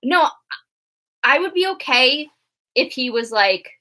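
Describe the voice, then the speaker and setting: A woman's voice: sits high, lively intonation, takes it slowly, sharp tone. A young woman co-hosting a live show discussion, chatty and giggly, reading out viewer comments. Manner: chatty, giggly, filler-heavy. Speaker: co-host.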